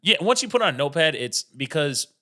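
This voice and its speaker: A man's voice: a little high, big pitch swings, fast talker, sharp tone. A male stand-up comedian, a guest in a casual interview, rambling and swearing freely. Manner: rambling, profane, full of restarts.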